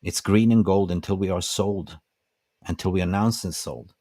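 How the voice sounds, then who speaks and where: An older man with a lowish voice hosts his own fan livestream, ranting with fired-up conviction and rallying his viewers like family. The sound is dry and close, with no room around it. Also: moderate pace, dark tone, no echo. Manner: impassioned, preachy, rallying. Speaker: fan channel host. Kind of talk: passionate livestream rant.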